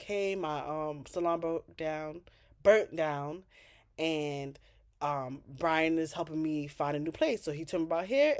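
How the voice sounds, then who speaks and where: A woman recapping a TV episode in casual talk, swearing freely and scolding the characters as "girl". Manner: jumps high and loud for outraged asides. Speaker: TV recap vlogger.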